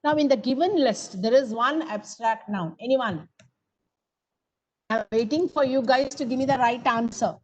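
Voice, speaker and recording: A woman's voice: a little high, normal speed, highs cut off. A woman teaching grammar in an online coaching class, coaxing students for answers and calling on them by name. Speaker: English teacher.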